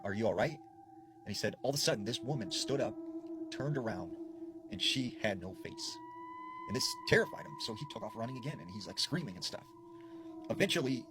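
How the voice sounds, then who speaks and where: A man recounts a spooky tale in a loose, rambling storytime style, peppering every sentence with fillers. His low voice swoops widely in pitch as he talks. A clear layer of background noise sits under the recording. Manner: rambling, full of "like" and "you know". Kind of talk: casual spoken storytime.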